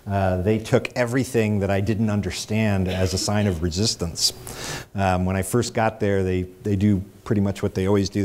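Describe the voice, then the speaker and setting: A man's voice: lowish voice, darkish tone. A middle-aged man telling a personal story in a public talk, with wry, self-deprecating humor. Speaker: speaker.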